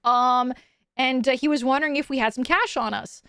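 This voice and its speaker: A woman's voice: high voice, moderate pace, fairly bright tone, clear, resonant tone, dry recording, clean studio sound. A young woman streamer casually telling a story, rambling with lots of fillers and restarts. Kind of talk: casual chat.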